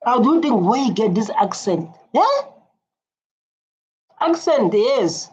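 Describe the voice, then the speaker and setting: A woman hosting a reaction video, talking in animated, repetitive casual commentary with a husky voice. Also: a little high, normal speed, low-quality recording. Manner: animated, repeats phrases, many fillers and restarts.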